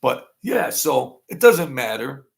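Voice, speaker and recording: A man's voice: mid-range voice, very animated, slow, vocal fry. A man in his sixties hosting his own channel, rambling through a casual monologue in a chatty, self-mocking way and chuckling often. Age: 60s. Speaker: channel host.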